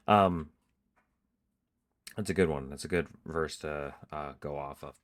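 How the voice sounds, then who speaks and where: A tired man hosting a casual faith podcast, reading scripture aloud in a relaxed, halting way with many fillers. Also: low-pitched. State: tired, yawning. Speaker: podcast host.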